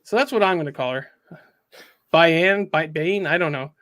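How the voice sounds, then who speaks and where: Male host, slightly high voice, casual recap style, acts out the quotes. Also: normal speed, fairly bright tone. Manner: recaps a story and acts out the quotes, with frequent ums. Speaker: comic book reviewer. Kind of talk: casual podcast chat.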